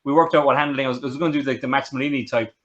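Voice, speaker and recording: Fast-talking man, dull lo-fi audio. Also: mid-range voice, fairly even intonation. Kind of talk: casual chat.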